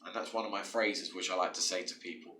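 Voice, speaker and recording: A man's voice: sits low, fairly even intonation, quick pace, bright, forceful tone, distant mic, slight background noise. A man teaching English to learners, patient and explanatory, often repeating words and restarting phrases. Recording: echoey room, away from the mic.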